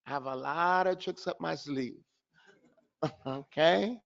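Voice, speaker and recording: A man's voice: fairly high pitch, takes it slowly, gravelly. A man teaching recitation in a live online class, drilling sounds over and over and mixing Arabic terms into his explanations. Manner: drills pronunciation by repeating sounds. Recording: dull lo-fi online class audio.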